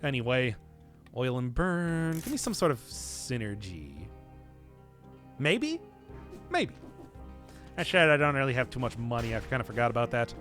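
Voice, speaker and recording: A man's voice: mid-range voice, very animated, normal speed, pauses often, fairly bright tone, soft background music. A man streaming a video game, chatting casually and rambling with self-mocking humor. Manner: rambling, self-mocking, laughs at his own jokes. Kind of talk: casual gameplay commentary.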